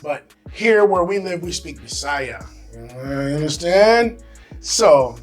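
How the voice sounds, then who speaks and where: An American expat vlogger hosts his own channel, talking to the camera in an animated, slangy, casual way and acting out the voices he quotes. His voice is high and his pace slow, with soft music playing in the background.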